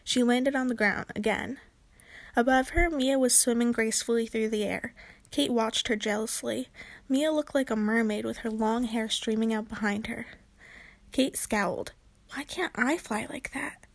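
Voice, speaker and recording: A woman narrating a children's book aloud in a clear, expressive storytelling voice. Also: fairly high pitch, moderate pace, no room sound.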